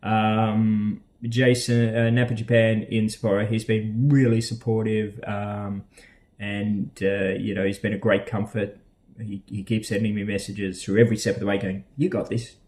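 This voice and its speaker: An Australian man vlogging casually to camera, rambling and hesitant with many pauses and fillers. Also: on the low side, level tone, darkish tone.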